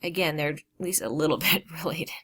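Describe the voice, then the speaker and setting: A low-voiced woman teaching grammar to a class. She explains with patient emphasis on key terms. She slips in informal asides along the way. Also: a bit bright, breathy edge. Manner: explains slowly, stressing key words, with casual asides. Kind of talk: grammar lesson.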